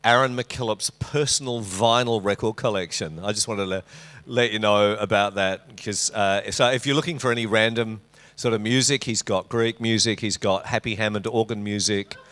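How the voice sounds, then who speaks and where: A middle-aged Australian pastor preaches to his congregation in a church auditorium, his sermon full of teasing banter and jokes. His voice is lowish and fairly bright, with fairly even intonation and a normal pace.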